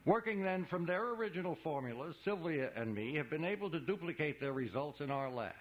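A man's voice: fairly high pitch, expressive, a little fast, lo-fi sound, voice pushed up, close to an everyday voice. A man doing a gushing, showy museum guide. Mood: eager. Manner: theatrical, gushing patter. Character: showy, excitable male museum guide, eager know-it-all.

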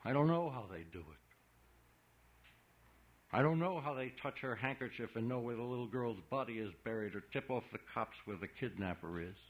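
A man's voice: medium pitch, animated, normal speed, close to an everyday voice. A man reading an audiobook, voicing a big, blustering small-town man who scolds a boy in folksy, ungrammatical talk. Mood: hectoring. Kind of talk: audiobook character voice. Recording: dull lo-fi recording.

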